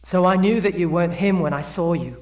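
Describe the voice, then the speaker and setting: A man's voice: high voice, fairly quick, a crowd in the background, lightly acted. An actor playing a nervous, apologetic young male survivor in a video game, heard as distant, echoey game audio.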